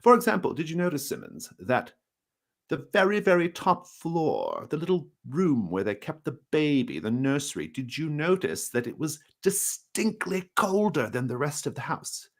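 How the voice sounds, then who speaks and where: A man voicing a nebbishy, pompous little male detective inspector, lecturing in a lively, high voice. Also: normal speed.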